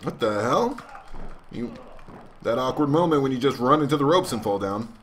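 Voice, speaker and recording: A man's voice: mid-range voice, animated, moderate pace, slight background noise. A man commentating a wrestling video game as a let's play host, joking in a mock announcer way. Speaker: gaming channel host.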